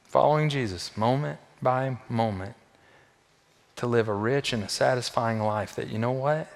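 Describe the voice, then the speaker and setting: A male pastor preaching to his congregation in a sermon that builds and falls. He repeats phrases for weight, rising to loud, high peaks and then sinking into soft, low tones. His voice sits at a middling pitch, and a long reverb trails it through the large church hall. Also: normal speed, vocal fry.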